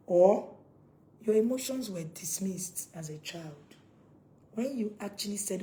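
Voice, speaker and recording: A woman's voice: medium pitch, normal speed, dark tone, a little hiss or hum, low-quality recording. A woman giving a live parenting talk, emphatic and repeating her questions to viewers. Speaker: parenting coach.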